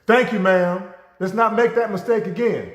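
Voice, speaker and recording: A man putting on a shrill, indignant customer. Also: background noise, close to an everyday voice. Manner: insistent, repeats his list slowly with emphasis. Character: indignant adult man demanding missing fast food order. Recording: roomy echo.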